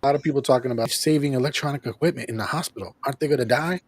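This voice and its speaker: A man hosting a show, casually recapping an episode in an animated way, acting out lines and laughing often. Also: mid-range voice, racing, slightly rough, dry recording. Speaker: host of a show reviewing an episode.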